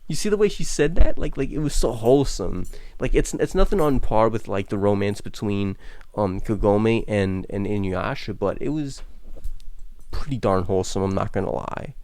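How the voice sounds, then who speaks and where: A man's voice: lowish voice, moderate pace, a little mellow, no room sound. A young man hosting an anime reaction, talking casually in long rambling thoughts that stammer and restart often.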